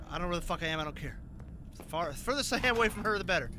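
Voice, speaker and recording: A man's voice: sits high, animated, rapid-fire. Jumpy, swearing man playing a horror game. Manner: profane, jumpy reactions, talks to himself. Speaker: gaming video host. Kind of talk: let's-play gameplay commentary. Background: game music.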